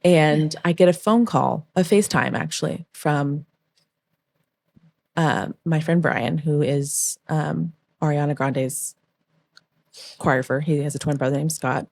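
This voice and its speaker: Low-voiced young woman telling a story. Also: unhurried, gravelly. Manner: emotional, animated storytelling, acts out quoted voices. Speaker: podcast guest, former backup dancer. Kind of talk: storytelling in a podcast interview.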